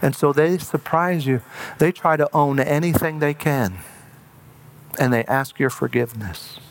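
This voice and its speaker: A man preaching a sermon in an earnest way, slowing down and dropping to a hush for emphasis. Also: fairly high pitch.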